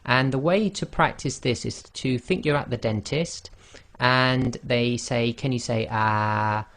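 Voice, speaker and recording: An online Quran teacher, a man whose first language isn't Arabic, gives a pronunciation lesson on Arabic letters. His mid-range voice is a bit bright, and he moves at a measured pace, patiently demonstrating each sound and repeating it.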